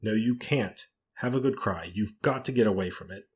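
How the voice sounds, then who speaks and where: A man voicing a forceful, indignant middle-aged woman, the rector's wife, who speaks insistently. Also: fairly low pitch, normal speed, close to an everyday voice. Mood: forcible. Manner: insistent and forcible.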